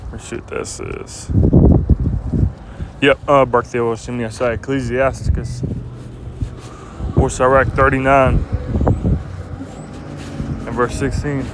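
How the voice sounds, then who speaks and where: A man preaching informally and reading scripture aloud, casual and halting, often ending lines with "man," recorded outdoors in a city. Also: medium pitch, level tone. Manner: casual, repeats "man" at line ends, halting fillers. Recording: loud wind and traffic noise outdoors.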